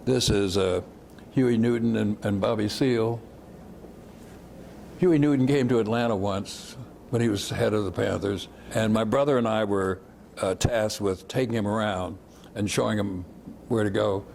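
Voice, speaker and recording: A man's voice: fairly low pitch, moderate pace, gravelly, darkish tone, a little hiss or hum. An older man, a civil rights veteran, describing old photos fondly, often chuckling and trailing off. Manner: chuckling, fond, rambling. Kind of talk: reminiscing talk.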